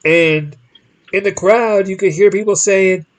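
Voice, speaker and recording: A man's voice: high voice, measured pace, poor audio. A man hosting a podcast, telling a long story in casual chat and acting out the people in it with changing voices, often restarting his sentences. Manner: animated, acts out quoted people in different voices; rambling with frequent restarts. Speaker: podcast host.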